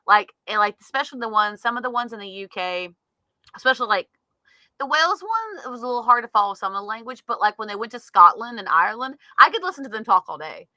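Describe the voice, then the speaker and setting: A woman's voice: on the high side, expressive, fast talker, pushed and bright, no room sound. A woman co-hosting a podcast in casual chat, rambling with many fillers and laughing often. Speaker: podcast co-host.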